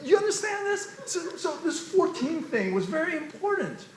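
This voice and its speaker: A man giving an animated, rambling talk about poetry, laughing often as he goes. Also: extremely high pitch, normal speed, roomy sound, slight background noise.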